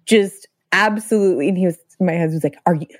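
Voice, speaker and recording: Casual podcast co-host, woman in her thirties, lowish voice, dry close mic, laughs through her stories. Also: a little fast, dry recording. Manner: animated storytelling, laughs often. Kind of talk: casual chat.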